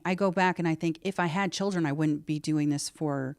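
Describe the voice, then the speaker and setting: A middle-aged woman, a guest on a podcast, chatting casually and telling animated stories that act out quoted dialogue. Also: sits low, a little fast, no echo, clean studio sound. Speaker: podcast guest, parasite educator. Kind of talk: casual interview chat.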